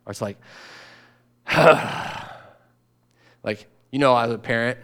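A man's voice: medium pitch, drawn-out words, fairly bright tone. A man preaching a sermon in a conversational way, acting out grumbling voices and sighing as he goes. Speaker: pastor.

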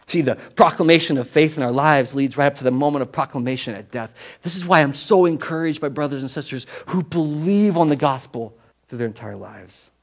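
A male pastor preaching a sermon at a church service, talking conversationally and swinging between emphatic and hushed delivery. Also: medium pitch.

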